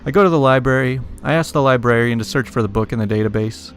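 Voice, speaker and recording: With faint music underneath, a man of medium pitch reads humorous internet stories at a quick clip. He keeps it casual, chuckling and adding wry remarks between each one.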